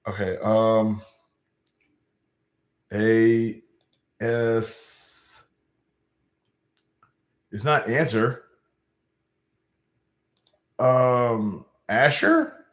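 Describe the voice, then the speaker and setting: A man with a Southern US accent hosting a casual livestream, animated and slangy, often repeating his phrases and talking straight to his viewers. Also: lowish voice, very slow, pauses often, reverberant. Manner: animated, repeats himself, talks to chat with slangy asides. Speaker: livestream host. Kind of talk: casual live-stream chat.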